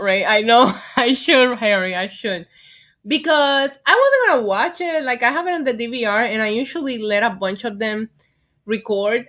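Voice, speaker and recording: A young woman with a New York accent hosting a casual wrestling livestream, chatty and excitable, thanking viewers in the chat by name. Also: on the high side. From United States. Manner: chatty, excitable, reads chat names aloud.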